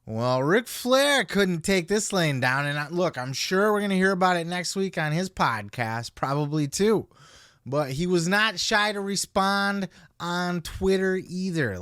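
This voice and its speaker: A man's voice: on the high side, a bit bright, dry recording, studio quality. Blunt, swearing podcast host, man. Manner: blunt, profane, opinionated. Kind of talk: casual podcast commentary.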